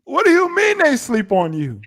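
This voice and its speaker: High-voiced American man spinning a story. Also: normal speed. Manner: animated storytelling, acts out quotes. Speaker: co-host of a reality TV review show. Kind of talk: casual live-stream chat.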